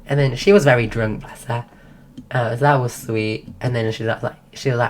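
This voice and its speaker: Very low-voiced woman losing her voice. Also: moderate pace, a little hiss or hum. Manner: rambling, full of restarts. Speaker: streamer. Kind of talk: casual storytelling.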